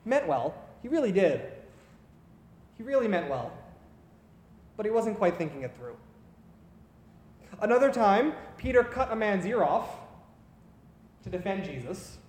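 A man's voice: high-pitched, big pitch swings, a little slow, pauses often, darkish tone, reverberant, in a large hall. A man preaching a sermon, retelling stories in an earnest, conversational way.

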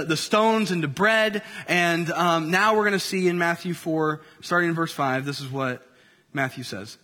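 A man's voice: on the high side, pushed and bright, big-room sound. A man preaching a sermon in an easy conversational way, full of fillers and restarts. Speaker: pastor.

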